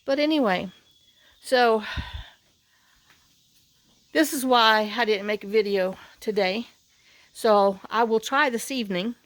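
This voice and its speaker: A middle-aged woman vlogs casually to camera outdoors on rural property, worn out from working in the heat, sighing and rambling with plenty of fillers. Her voice is medium-pitched, with no room sound.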